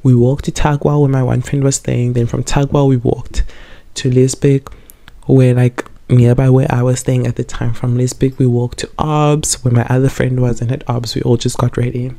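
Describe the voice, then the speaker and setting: A man's voice: medium pitch, little pitch movement, normal speed, gravelly, warm tone. A young man in a casual storytime chat, a bit tipsy from wine, rambling and repeating himself as he tells the story. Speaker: vlogger.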